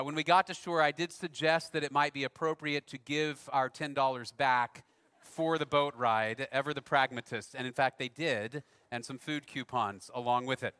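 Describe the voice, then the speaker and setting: Male pastor, conversational storyteller; high pitch, sharp timbre, big reverberant room. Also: clean tone. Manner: conversational, self-deprecating storyteller. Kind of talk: sermon with a personal story.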